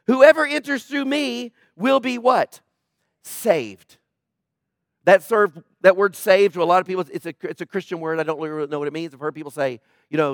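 A male pastor preaching a sermon, emphatic and questioning the congregation, swinging from loud emphasis to low quiet tones. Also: normal speed, no echo, studio quality.

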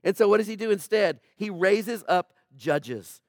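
A man's voice: high-pitched, animated, measured pace, darkish tone, dry recording, studio quality. A man preaching a sermon in a conversational way, asking the congregation questions and pressing his points harder as he goes. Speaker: pastor.

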